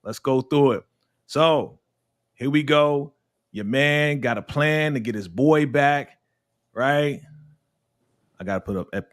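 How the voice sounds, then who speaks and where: Man host, casual recap chat, lively and laugh-prone, mid-pitched voice that jumps high and drops low. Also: measured pace, long pauses. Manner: animated, laughing often, swinging between high and low voice. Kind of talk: casual episode review chat.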